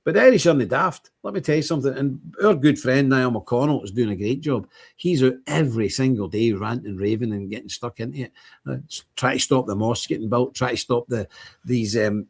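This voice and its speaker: A man's voice: mid-range voice, darkish tone, husky. Blunt, emphatic male streamer. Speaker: streamer host. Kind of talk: casual livestream monologue.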